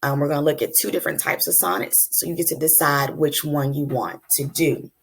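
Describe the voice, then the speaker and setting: A woman explaining a lesson to her class. Her voice sits low and has a gravelly fry, and she talks in a relaxed, chatty way, calling the students y'all and filling pauses with um. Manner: casual, addresses class as y'all, frequent ums. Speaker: teacher. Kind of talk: classroom lecture.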